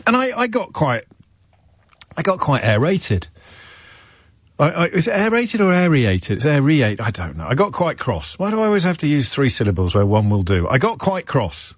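A man's voice: fairly high pitch, sing-song, moderate pace, no echo. A middle-aged man hosting a radio phone-in show, telling stories in a wry, rambling way and correcting himself as he goes. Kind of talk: chatty on-air monologue. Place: radio studio.

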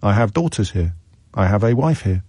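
A man hosts a radio phone-in from a dry, close-miked studio. His voice swoops up and down as he talks. He sounds sardonic and animated. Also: on the low side, moderate pace, slightly rough, no echo. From England. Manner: animated, sardonic, acts out imagined callers.

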